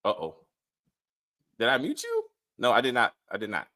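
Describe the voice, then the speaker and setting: Male panel host, animated, halting delivery, on a video call. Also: mid-range voice. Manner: stammering, repeats himself, laughs often. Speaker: host of a review show. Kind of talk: casual panel review chat.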